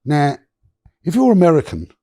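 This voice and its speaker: A man, a guest on a podcast, telling a story in an animated, slangy way with swearing and many restarts. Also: fairly high pitch, normal speed, no room sound, studio quality.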